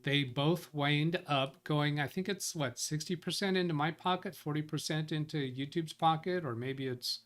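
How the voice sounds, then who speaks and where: A man's voice: fairly high pitch, moderate pace, hardly any pauses, fairly bright tone. Man rambling through a live stream. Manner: thinks aloud, reads out viewer comments; rambling, self-correcting. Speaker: tech support livestream host. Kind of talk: casual live-stream chat.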